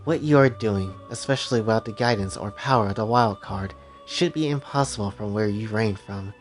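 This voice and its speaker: A man voicing a calm, solemn young female attendant who speaks softly and formally. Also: fairly low pitch, faint music behind, close to an everyday voice. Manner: soft, measured, formal.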